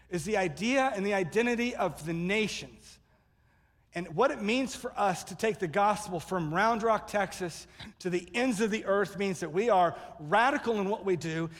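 High-voiced man preaching in a reverberant hall. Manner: storytelling, acts out quoted people with sudden loud bursts. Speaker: pastor. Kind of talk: sermon. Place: church sanctuary.

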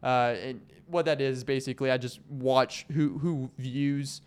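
A man's voice: mid-range voice, fairly even intonation, unhurried, clear, resonant tone. A young man hosting his own podcast, chatting casually in a rambling, jokey way and laughing often. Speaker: podcast host. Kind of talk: casual solo podcast chat.

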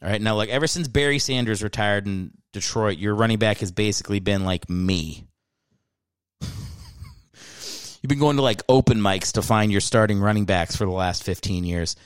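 Male solo podcaster, low-ish voice, loose profane rants, dry booth sound. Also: moderate pace, smooth, dry recording. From Philadelphia area. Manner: animated, profane, rambling with self-mocking asides. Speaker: podcast host. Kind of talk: casual solo podcast rant.

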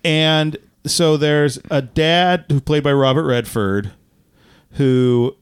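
A man co-hosting a podcast, chatting casually about a movie in a rambling, tangential, animated way. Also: a little high, takes it slowly, clear, resonant tone, dry recording, clean studio sound. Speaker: podcast co-host.

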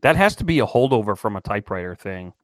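A man's voice: fairly low pitch, sing-song, quick pace, dry recording, clean studio sound. Wry joking man on a podcast. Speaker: podcast co-host. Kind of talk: casual chat.

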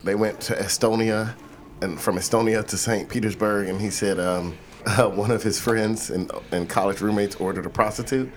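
A man co-hosting a casual chat, telling stories in a loud, profane, animated way. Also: lowish voice, moderate pace, slight background noise.

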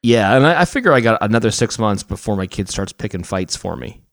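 Man, podcast co-host, joking banter, boastful, lively low voice, dry sound. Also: brisk, no room sound. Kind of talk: casual chat.

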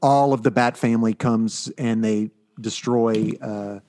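This comics-reviewing podcast co-host has a lowish, dark voice with fairly even intonation and a measured pace. He chats casually, wandering through stories and leaning heavily on fillers.

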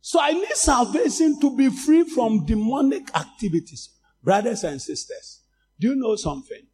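A male preacher with a Ghanaian accent delivering a sermon, a Twi speaker who swings from calm talk to loud shouted exhortation. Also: very high voice, moderate pace, slight background noise. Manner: switches between English and Twi, rising to shouts.

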